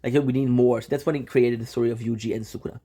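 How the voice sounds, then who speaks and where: Young guy rambling about anime, mellow tone, swears a lot, keeps restarting sentences. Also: mid-range voice, very fast, slightly rough. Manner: rambling, excitable, slangy and swearing, many restarts. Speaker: channel host. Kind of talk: casual anime recap.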